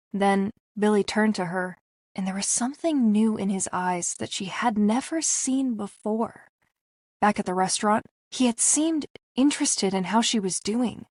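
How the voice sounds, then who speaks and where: A woman narrating a young adult mystery audiobook in a measured, expressive storytelling voice. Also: mid-range voice, dry recording, studio quality. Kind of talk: scripted narration.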